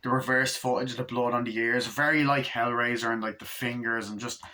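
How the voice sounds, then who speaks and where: A man's voice: medium pitch, fairly even intonation, a little fast, pushed and bright. A man giving a rambling, enthusiastic casual movie review, swearing freely as he walks through the scenes.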